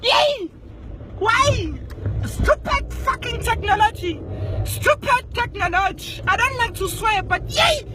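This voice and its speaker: A squeaky, sky-high voice belongs to an exasperated South African man yelling about his gadgets from the driver's seat, as a man acts him out. He rants in bursts of shouted exclamations and local slang, with car and street noise clearly audible behind him. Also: expressive, takes it slowly, heavily acted. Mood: upset ranting. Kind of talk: comedy sketch monologue. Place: inside a car on the road.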